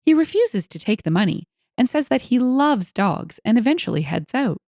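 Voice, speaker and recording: A woman narrates stories in a scripted, expressive read. Her pitch swings in a lively, animated way, and she adds wry asides between the lines. The recording is dry and close, with no room sound. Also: normal speed, no room sound. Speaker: storyteller reading online stories.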